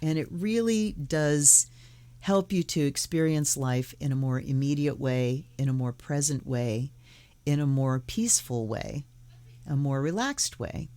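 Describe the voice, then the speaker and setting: Low-voiced woman teaching casually. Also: a little slow. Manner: conversational, gentle, with playful acted-out inner voices. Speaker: tarot and Buddhism video host. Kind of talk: casual spiritual teaching talk.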